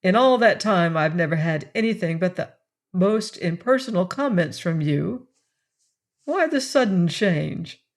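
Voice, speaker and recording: A woman's voice: fairly low pitch, animated, measured pace. A woman reading a teasing young man. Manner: teasing, gently insistent. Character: young man, good-humoured, teasing, kindly boss. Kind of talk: audiobook character reading.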